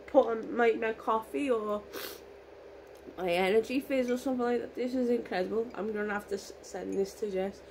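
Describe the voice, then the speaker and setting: A woman with a hoarse voice, gushing excitedly and emotionally in a casual unboxing vlog. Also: a little high, moderate pace, pauses often, a little hiss or hum, low-quality recording. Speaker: vlogger.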